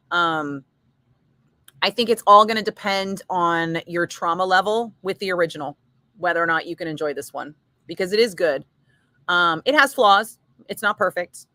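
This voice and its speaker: A middle-aged woman radio DJ chatting casually with listeners between segments, frank and quick to laugh, swearing now and then. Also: low-pitched, pushed and bright, no echo.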